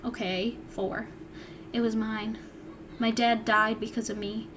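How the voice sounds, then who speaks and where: A woman's voice: on the high side, little pitch movement, slow pace, background noise. A young woman vlogger reading her old story aloud and breaking off for wry, chatty asides. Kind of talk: reading aloud with casual commentary.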